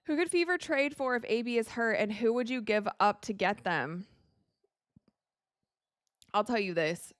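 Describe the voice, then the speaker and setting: Female watch-along host, excitable and talkative, unhurried delivery, thanks viewers on air. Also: a little high, no room sound, studio quality. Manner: excitable, cries out and laughs at plays; thanks viewers for donations and answers their questions. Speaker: livestream host reacting to a basketball game. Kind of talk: casual live watch-along commentary.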